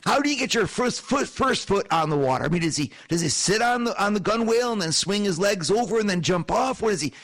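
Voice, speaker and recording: A man's voice: sits high, lively intonation, fast talker, few pauses, fairly bright tone. A man giving a Bible teaching, retelling the scene vividly and asking his listeners rhetorical questions. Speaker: preacher. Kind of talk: sermon-style Bible teaching.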